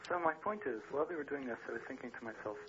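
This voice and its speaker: A man's voice: mid-range voice, lively intonation, rapid-fire, highs cut off, noisy background. A man calling in to a radio show, telling his story matter-of-factly and laughing now and then. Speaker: caller.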